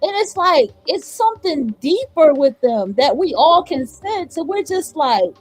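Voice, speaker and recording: A high-pitched woman hosts a stream and reacts to clips with sassy, profane commentary. She talks casually and directly, with faint music underneath. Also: sing-song, a little slow, no room sound, low-quality recording. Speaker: livestream host.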